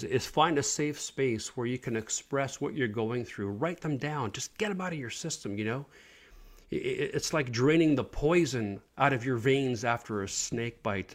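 Gravelly-voiced man preaching earnestly. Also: medium pitch. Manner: earnest, asks the listener questions. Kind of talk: informal online sermon.

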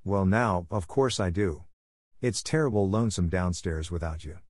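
A man voicing a shy, gentle elderly farmer who coaxes kindly and hesitantly. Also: low voice, normal speed, dry recording, studio quality. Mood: coaxing.

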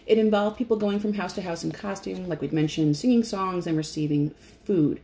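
A woman's voice: on the low side, brisk, warm tone. A woman with an Irish accent co-hosting a podcast in casual chat, rambling with restarts and laughing often. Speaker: podcast co-host. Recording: echoey room with faint noise.

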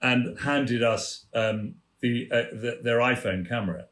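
An older man, a theatre producer appearing as a guest, tells stories in a leisurely, amused way and performs the people in them. His mid-range voice is steady, unhurried, and a bit bright.

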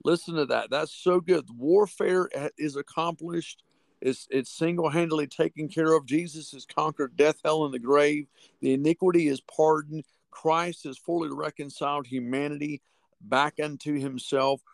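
A man preaching on a podcast, teaching from the Bible with fervent conviction, reading scripture slowly and repeating key phrases. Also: fairly high pitch, fairly even intonation, creaky, no room sound.

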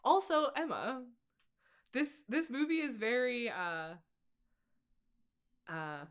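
A woman's voice: a little high, big pitch swings, takes it slowly. A woman in her late twenties, co-hosting a podcast in bubbly, rambling casual chat. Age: late 20s. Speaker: podcast co-host.

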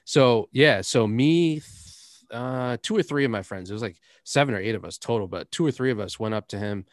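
A man's voice: mid-range voice, fairly quick, dry recording. Young man, podcast host, rambling anecdotal delivery, dead-dry close mic. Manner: rambling storyteller, laughs often, drops curses. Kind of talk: casual chat.

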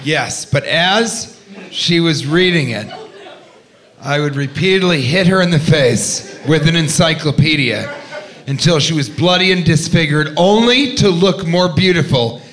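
A man hosting a live comedy podcast, riffing loudly with laughter and crude jokes from a club stage. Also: on the high side, measured pace. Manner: loud, laughing, profane riffing. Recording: live club recording with crowd noise. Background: laughing live audience.

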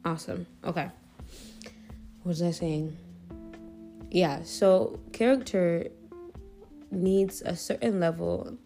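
Young woman, faith podcast host, lowish voice, loose chatty delivery with fillers, soft guitar behind. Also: takes it slowly, pauses often. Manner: chatty, relaxed, frequent fillers and self-corrections. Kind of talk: casual faith podcast chat.

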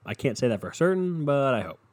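A man's voice: medium pitch, sing-song, fairly quick. A young man hosting his own podcast, ranting in a rambling, profane, worked-up way. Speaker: solo podcast host. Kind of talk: casual unscripted rant.

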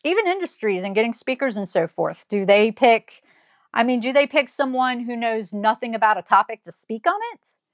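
With lively intonation and a fairly high pitch, this commentator scolds bluntly at a moderate pace, hammering her opinions home through a stream of rhetorical questions. The recording is dry and studio quality.

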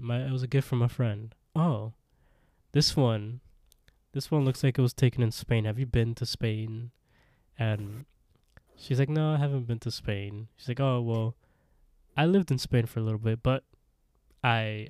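A man co-hosting a podcast, casually retelling a horror episode and acting out the characters' lines in quick voices. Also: mid-range voice, darkish tone, clean tone, no echo, studio quality. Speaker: podcast co-host.

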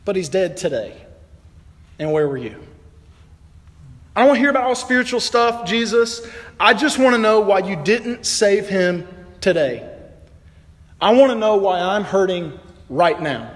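A man's voice: sits high, animated, a little slow, pauses often, long reverb tail, voice pushed up. A man voicing a grieving woman who pleads with Jesus in a raised, strained voice. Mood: pleading. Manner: pleading, frustrated.

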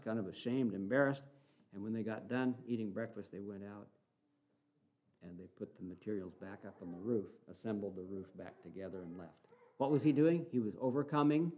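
A man's voice: mid-range voice, a little mellow. An older man in his sixties preaching a sermon, telling stories earnestly and rising to fervent exhortation.

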